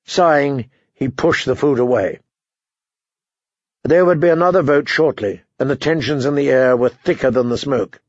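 A man narrating an audiobook in a steady storytelling manner. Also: mid-range voice, moderate pace, no echo. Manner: steady storytelling, voices characters. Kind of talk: scripted narration. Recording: dry, slightly dull recording.

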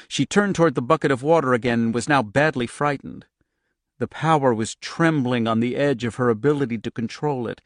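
A man reading an audiobook, narrating with steady, tense storytelling. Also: medium pitch, no room sound, clean studio sound.

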